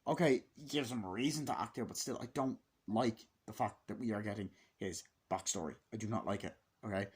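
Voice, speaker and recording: A man's voice: lowish voice, fairly quick, hardly any pauses, slightly rough. A man giving a casual, rambling movie review, swearing often and filling his talk with "like" and "okay". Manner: profane, restless, full of "like" and "okay".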